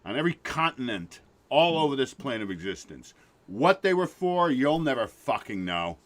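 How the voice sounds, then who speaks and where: A man hosting a casual livestream, excitable, swearing and laughing often, trailing off mid-sentence. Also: medium pitch, moderate pace. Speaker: show host.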